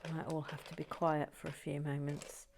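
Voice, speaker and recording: A woman hosting a Lego building channel, chatting quietly to herself and her viewers as she builds. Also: deep voice, completely flat delivery, brisk, creaky, slight background noise. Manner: soft-spoken, talks quietly to herself and viewers. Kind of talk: casual chat while building.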